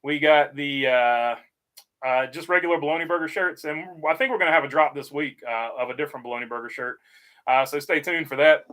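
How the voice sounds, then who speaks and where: A man's voice: fairly high pitch, brisk, bright, forceful tone. A man hosting a casual livestream, reading viewer comments aloud and chatting easily with many "uh" fillers. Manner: frequent "uh" fillers, easygoing. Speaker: livestream host reading chat.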